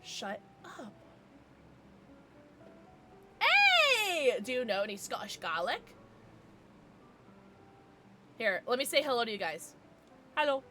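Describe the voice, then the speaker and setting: A woman's voice: mid-range voice, animated, unhurried, long pauses, over music. A woman streamer chatting casually with her live viewers, giggling often as she reacts to the chat.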